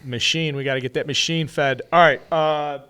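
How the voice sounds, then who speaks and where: A man co-hosting a baseball podcast, talking casually and reading an ad in an excitable, rambling way with some swearing. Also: a little high, normal speed, smooth. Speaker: podcast co-host. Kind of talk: casual sports podcast chat with ad read.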